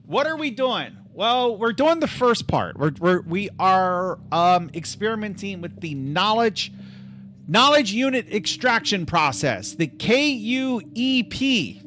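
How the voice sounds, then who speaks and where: A man's voice: high-pitched, big pitch swings, takes it slowly, fairly bright tone, slight background noise. A man hosting a livestream in casual chat, rambling and joking at his own expense. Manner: rambling, joking, self-deprecating. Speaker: livestream host.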